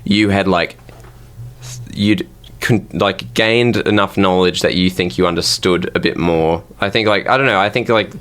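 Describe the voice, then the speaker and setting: A man's voice: sits low, moderate pace, fairly bright tone. A young man co-hosting a podcast, musing in a rambling way with many fillers. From Australia. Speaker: podcast co-host. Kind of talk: casual chat.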